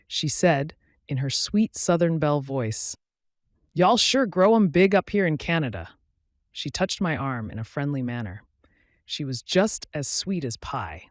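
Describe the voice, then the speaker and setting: Male narrator, mid-pitched, plain steady read, dry close sound, no room. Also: no room sound. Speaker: story narrator. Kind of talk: scripted narration.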